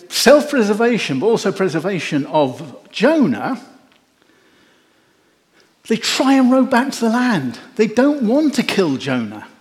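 A man preaching a sermon, telling the story in an animated way with wry jokes. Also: sits high. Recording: echoey hall.

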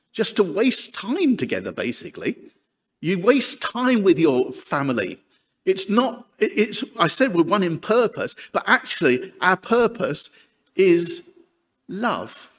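A man preaching a sermon, chatty and self-deprecating with humorous asides. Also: fairly high pitch. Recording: long hall reverb.

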